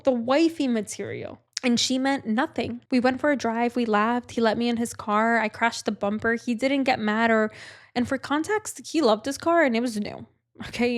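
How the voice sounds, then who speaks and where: A young woman with a fairly high voice tells a painful story from her own life on a podcast. She speaks candidly and with feeling, in a confessional tone. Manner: candid, emotional confessional telling. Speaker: podcast host. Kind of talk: personal storytelling.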